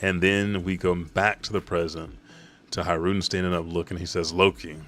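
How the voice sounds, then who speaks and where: A man's voice: low voice, level tone, moderate pace, fairly bright tone. A man casually recapping a manga chapter, rambling and swearing.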